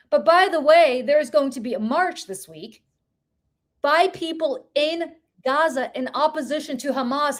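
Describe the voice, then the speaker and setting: Podcast woman, high voice, heated profane rant, hammering rhetorical questions. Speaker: podcast co-host. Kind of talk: heated political commentary.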